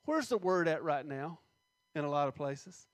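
A man preaching a sermon, reading scripture slowly and stressing words, with many questions to the congregation. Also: fairly high pitch, animated, no echo.

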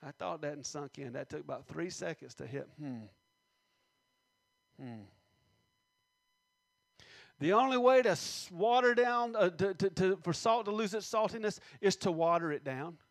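A man preaches a sermon, reading scripture slowly with stressed words and putting many questions to the congregation. His voice is high with vocal fry, and the recording is dry.

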